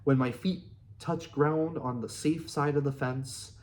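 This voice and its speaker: A man reading a memoir aloud in an earnest, steady way. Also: a little high, measured pace, slight background noise. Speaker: audiobook reader.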